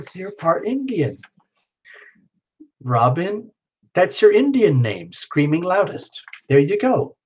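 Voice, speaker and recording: A man hosting a live tarot reading stream, chatting casually and greeting viewers by name, with excited whoops now and then. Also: on the high side, unhurried, slightly rough. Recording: dull lo-fi stream audio.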